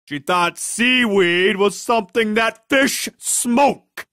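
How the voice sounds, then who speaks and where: A narrator reading joke after joke in an over-the-top animated comedy delivery. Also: mid-range voice, takes it slowly, background noise.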